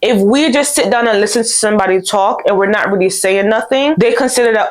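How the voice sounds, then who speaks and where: Young woman vlog host, mid pitch, casual and candid, animated when quoting people. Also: fast talker, few pauses. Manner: candid, animated storytelling with quoted dialogue. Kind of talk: casual advice talk to camera.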